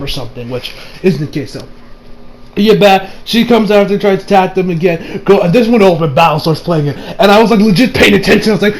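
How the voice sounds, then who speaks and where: A young man casually reviewing an anime episode, excitable and profane, laughing often. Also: high voice, fast.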